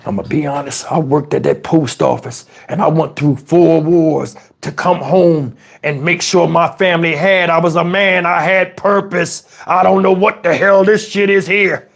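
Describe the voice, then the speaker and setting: A man's voice: a little high, fairly even intonation, normal speed, gravelly, hardly any pauses, pitched below the performer's own voice. A man playing a preachy, outraged elderly father who scolds and swears in a comedic rant. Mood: indignant. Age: older. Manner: exasperated scolding, preachy, swears, shouts at times.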